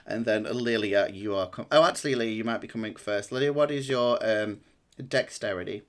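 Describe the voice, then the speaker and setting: A man acting as dungeon master, narrating a tabletop game in a relaxed, rambling way with many pauses and ums. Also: lowish voice.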